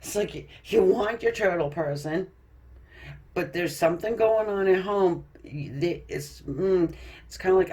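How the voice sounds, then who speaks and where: A woman's voice: fairly low pitch, unhurried, warm tone. A woman giving a casual tarot card reading, chatty and loose, laughing often and restarting her sentences. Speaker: tarot reader.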